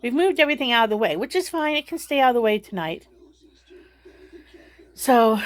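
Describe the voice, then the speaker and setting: A woman's voice: fairly high pitch, very animated, fairly quick, long pauses. A middle-aged woman chatting casually to her vlog viewers, rambling and laughing through her frustration. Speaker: vlogger.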